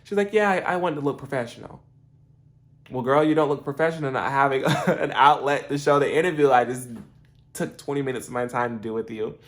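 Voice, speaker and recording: A young man casually recapping a TV episode, animated and laughing, acting out the characters' lines. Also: mid-range voice, brisk. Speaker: TV episode reviewer.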